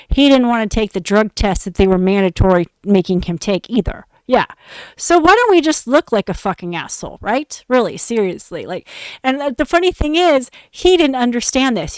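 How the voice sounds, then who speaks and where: A woman's voice: a little high, clean tone, dry recording. A young adult woman hosting a podcast, telling a story in an exasperated, profane, emphatic rant. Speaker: podcast host.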